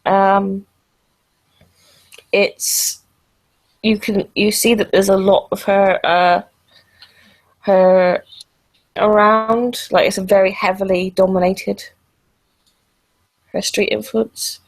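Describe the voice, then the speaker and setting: A woman's voice: medium pitch, little pitch movement, slow, long pauses, low-quality recording. A woman narrating a tabletop role-playing game as storyteller, hesitant and full of fillers.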